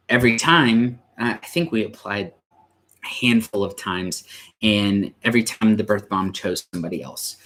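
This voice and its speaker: A young man with a fairly low voice tells a personal story slowly and unhurriedly. He speaks as a church youth pastor, stumbling and restarting often. At times he grows emotional and comes close to tears. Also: a bit bright. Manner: halting, with many restarts and fillers.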